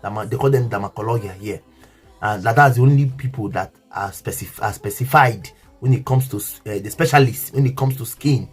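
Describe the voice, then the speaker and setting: Nigerian man, storytime vlogger, husky voice, earnest and repetitive, faint music underneath. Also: fairly low pitch, fairly quick. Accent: Nigerian English. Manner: earnest, repetitive, talks straight to viewers. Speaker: vlogger telling his story. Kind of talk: emotional storytime monologue.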